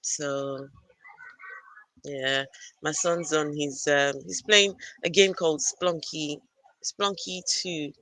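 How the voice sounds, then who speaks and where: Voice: mid-range voice, fairly even intonation, slow pace, sharp tone, dry recording, low-quality recording. An adult parent hosting a casual live stream from a gaming arena computer, chatting and greeting viewers by name. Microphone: arcade computer, no camera.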